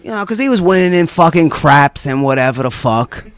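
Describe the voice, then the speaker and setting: A man's voice: fairly high pitch, expressive, normal speed, no echo. A man performing a stand-up routine as a guest comedian, rambling through a profane story and tossing in constant "right?" asides.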